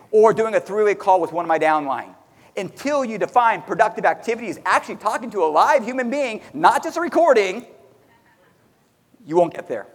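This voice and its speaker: A very high-pitched man fires up a sales crowd in a big hall, his voice ringing with long reverb. He talks loud and excitable, jumping into little acted-out quotes. The sound is a live stage talk before an audience. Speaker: motivational speaker at a sales meeting.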